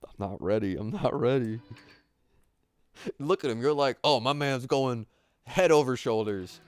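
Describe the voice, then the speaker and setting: A man hosting a livestream, chatting casually as he watches skate clips, rambling with many fillers and excited outbursts. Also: mid-range voice, a little slow, no echo. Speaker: livestream host.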